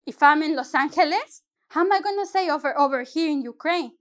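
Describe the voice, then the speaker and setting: Woman, high voice; chatty, rambling online teacher who corrects herself often. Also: brisk, fairly bright tone. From Mexico. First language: Spanish. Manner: rambling, chatty, with frequent restarts and self-corrections. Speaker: Spanish teacher. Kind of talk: casual online language lesson.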